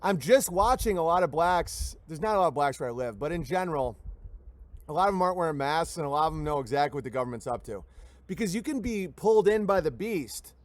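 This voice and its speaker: A man's voice: fairly high pitch, expressive, fast, no room sound. A man hosting a livestream show, ranting in a rambling comic way, reading viewer messages and acting out the voices he quotes. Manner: sardonic, acts out quoted voices mid-sentence. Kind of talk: rambling comedic rant.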